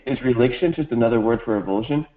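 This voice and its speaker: A man's voice: medium pitch, very fast, a little hiss or hum. Laid-back male student, phone-like sound. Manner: laid-back, hesitant answers with fillers. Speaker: exam student. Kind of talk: casual tutoring Q&A.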